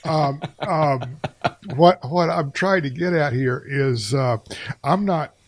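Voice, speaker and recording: A man co-hosting a podcast in casual chat, halting and wry, with many restarts. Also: fairly high pitch, dry recording. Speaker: podcast co-host.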